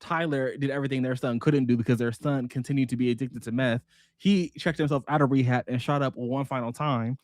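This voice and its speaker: A man recapping a book in a casual vlog, telling it with animated, profane storytelling and quick bursts of quoted voices. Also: medium pitch, no echo. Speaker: book vlogger.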